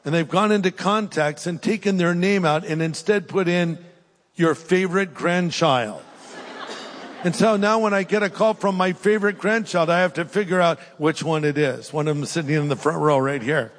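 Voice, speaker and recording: An older male pastor preaches to a congregation, earnest and pleading, lifting his voice for emphasis and then dropping to a hush. His voice sits fairly high for a man. It rings with the long reverb of a large church hall. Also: moderate pace, a little hiss or hum. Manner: earnest, preacherly, swings between rising emphasis and hushed pleading. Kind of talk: sermon with altar call. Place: church hall with live audience.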